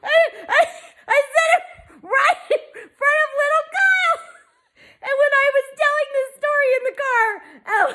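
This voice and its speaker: Middle-aged pastor's wife, high bright voice, animated casual storytelling, often laughing at herself. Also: female voice, measured pace, long pauses. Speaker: pastor's wife leading a women's Bible study.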